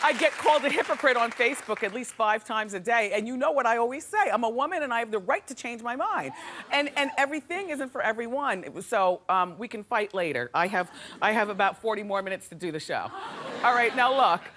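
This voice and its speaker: A woman hosting a talk show, delivering an animated, sassy gossip monologue to a studio audience. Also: on the high side, fairly quick, crowd noise. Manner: animated, chatty and sassy, laughing often. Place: television studio with a live audience. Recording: studio with audience noise behind.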